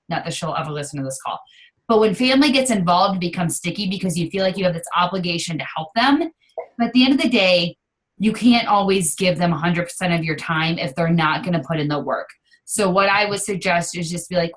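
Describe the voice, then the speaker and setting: A woman's voice: on the low side, lively intonation, fairly quick, low-quality recording. Woman coach giving direct advice. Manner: direct, advising. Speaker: team coach leading a call. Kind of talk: casual team call.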